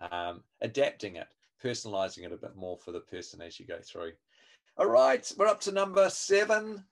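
A man leads an online training session over a video call microphone. His pitch sits in an ordinary middle range. He talks in a friendly, chatty way, full of fillers, restarts and asides to the group. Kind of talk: online webinar teaching.

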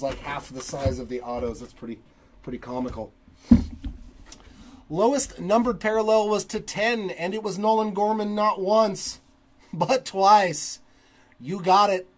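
A man hosting a trading card break, reading long lists of player names in a steady cadence. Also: fairly high pitch, slight background noise, rough recording.

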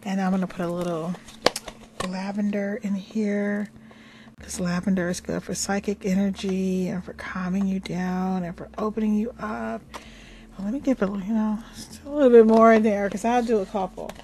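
An older woman talks her way through a home craft tutorial at a mid-range pitch. She rambles cheerfully, affirms herself, and now and then drops into a soft whisper. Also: fairly even intonation, normal speed, slight background noise. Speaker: craft and magic video host.

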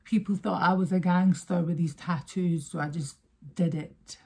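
A woman's voice: lowish voice, fairly even intonation, normal speed, mellow, slightly rough. A young woman reacting to a music video, talking casually and emotionally straight to her viewers.

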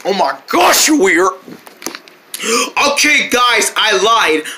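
A woman playing out a silly toy road-trip scene, switching quickly between many character voices with shouts and squeals. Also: mid-range voice, big pitch swings, slight background noise. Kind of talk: playful toy role-play with many voices.

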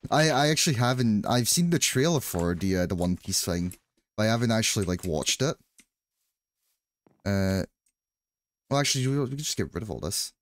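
A man's voice: fairly low pitch, big pitch swings, moderate pace, long pauses, dry recording. A man with a Glaswegian Scottish accent chatting casually and joking with viewers while playing a game, rambling with frequent restarts. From Scotland. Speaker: livestreamer. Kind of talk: casual chat while gaming.

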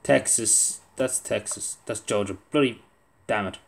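A young man who makes gaming videos talks casually over his gameplay, muttering to himself and swearing under his breath. His voice is fairly low with some vocal fry, and he keeps a measured pace.

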